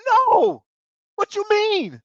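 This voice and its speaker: A man recapping a reality show in casual commentary, talking excitably in slang and tripping over his words. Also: extremely high pitch, very slow, gravelly, no room sound, dull audio. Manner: excitable, slangy, repeats bro, stumbles.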